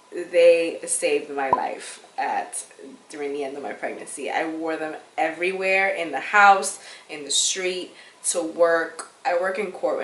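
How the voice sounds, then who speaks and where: A woman's voice: low-pitched, fairly bright tone. A young woman vlogger chatting candidly and casually, with slangy, chatty talk. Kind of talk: casual chat. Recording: echoey room, faint background noise.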